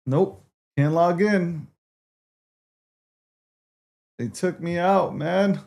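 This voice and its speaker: A man's voice: high voice, slow pace, gravelly, darkish tone. A man hosting a livestream, talking casually to his viewers and swearing in exasperation as he repeats himself. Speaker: livestream host.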